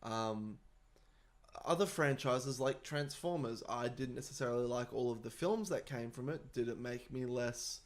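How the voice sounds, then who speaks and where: A man's voice: medium pitch, moderate pace. A young man, co-hosting a casual podcast and telling stories with energy and the odd swear. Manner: animated storyteller, swears freely. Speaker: podcast co-host. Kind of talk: casual chat.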